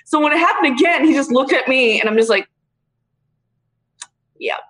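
A woman telling a story in casual chat, animated and profane, often laughing. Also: high voice, fast.

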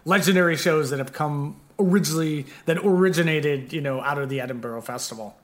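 Brief: chatty male podcaster, somewhat high voice, loose and meandering. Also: brisk. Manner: rambling, many fillers, laughs easily. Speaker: podcast host. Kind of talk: casual chat.

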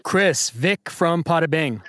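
A man's voice: on the high side, animated, takes it slowly, pushed and bright, a little hiss or hum. A man hosting a podcast trivia quiz, reading questions to callers and hyping them up with playful banter. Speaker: podcast host and quizmaster.

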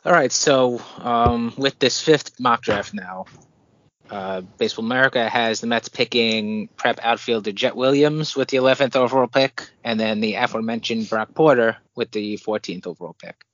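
A man co-hosting a casual sports podcast, relaxed, reading out draft news with his own asides. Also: mid-range voice, normal speed, no room sound, dull audio. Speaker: podcast co-host.

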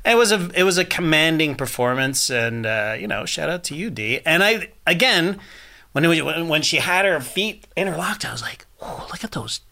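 Male co-host, slightly high voice, rambling joking podcast chatter. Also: lively intonation, moderate pace, gravelly, sharp tone. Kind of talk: casual chat recapping a TV show.

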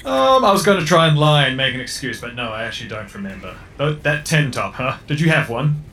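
A man's voice: medium pitch, sing-song, brisk, bright, forceful tone, a little hiss or hum. A man voicing an awkward, formal alien doctor who speaks hesitantly.

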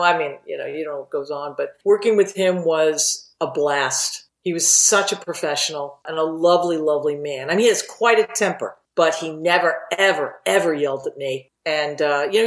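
A woman who writes and produces for TV, telling lively anecdotes in a casual interview and acting out the quotes. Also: fairly low pitch. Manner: animated anecdote teller who acts out quotes. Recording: echoey room.

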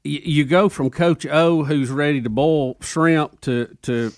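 A man's voice: a little high, fairly even intonation, takes it slowly, no room sound, studio quality. A man from Alabama with a Southern country accent, co-hosting a sports talk show in a chatty way and chuckling often. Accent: Southern American country. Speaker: radio co-host.

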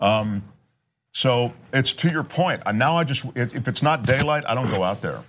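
A man in casual chat, telling a story at an unhurried pace with many restarts. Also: mid-range voice, lively intonation.

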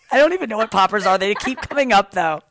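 A woman's voice: mid-range voice, expressive, brisk, fairly bright tone, slight background noise. A young woman hosting a podcast from her apartment couch, chatting casually, laughing and swearing freely. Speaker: podcast host.

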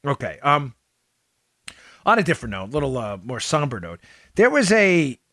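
A man hosting a political talk show, giving opinionated commentary full of sarcasm and mocking quotes, rising to loud outbursts and dropping to low asides. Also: big pitch swings, moderate pace, no room sound, studio quality.

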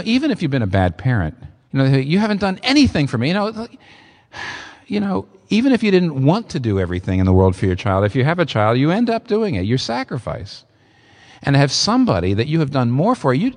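A man preaching a sermon, emphatic and expressive, with sudden leaps in pitch for emphasis. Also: fairly quick, long reverb tail. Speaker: pastor.

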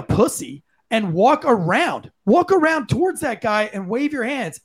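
Male podcast co-host, ex-cop, blunt profane rant, high-pitched voice. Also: very animated, moderate pace, few pauses, breathy edge. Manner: blunt, profane, impassioned ranting. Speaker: podcast co-host, former police officer. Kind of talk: heated opinion commentary.

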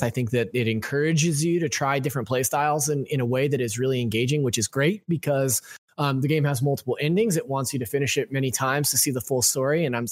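A man talks on a podcast with easy enthusiasm, rambling loosely as he explains his views. His pitch is ordinary for a man. The recording is dry and close-miked. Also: no room sound. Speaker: podcast co-host. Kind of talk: casual podcast chat.

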